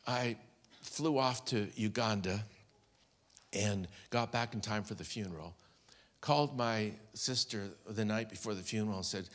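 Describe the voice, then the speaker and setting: A man's voice: mid-range voice, fairly bright tone. A man preaching a sermon as pastor, telling a personal story with heartfelt, quoted speech. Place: large church hall. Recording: long church hall reverb.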